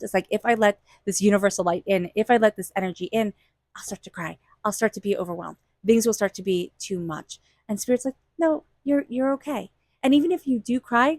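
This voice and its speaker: A woman's voice: medium pitch, a little mellow, no echo. A woman giving a casual, reassuring tarot reading, repeating phrases for emphasis. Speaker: tarot reader.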